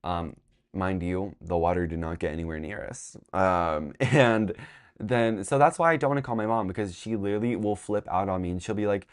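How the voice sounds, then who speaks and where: A man's voice: low voice, brisk, clear, resonant tone. A young man telling a storytime vlog in a rambling, exasperated way, swearing as he goes. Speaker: vlogger.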